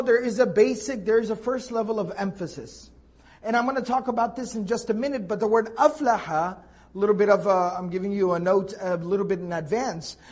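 High-voiced man teaching Quran tafsir. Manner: explanatory, stresses key words, frequent restarts. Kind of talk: classroom tafsir lecture.

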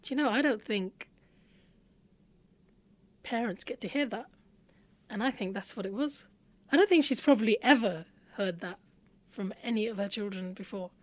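A woman hosting an interview, engaged and quick to laugh as she asks questions. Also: mid-range voice, no echo. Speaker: host. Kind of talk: casual interview chat.

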